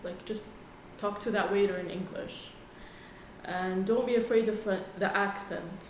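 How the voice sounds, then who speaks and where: A woman from Saudi Arabia, a jewelry business owner, answering interview questions in a relaxed, matter-of-fact way. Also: mid-range voice, moderate pace. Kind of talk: casual interview. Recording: echoey room, faint noise.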